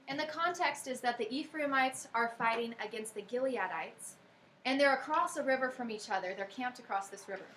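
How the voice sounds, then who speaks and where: A woman's voice: fairly high pitch, a bit bright, a little hiss or hum, poor audio. A woman with an American accent giving an earnest devotional talk, telling a story and reading scripture aloud. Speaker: speaker giving a worship talk.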